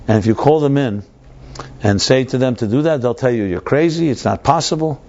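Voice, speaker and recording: A man's voice: medium pitch, brisk, darkish tone, highs cut off, lightly acted. A man doing a scheming, coaxing priest. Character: scheming village priest, persuasive and insistent.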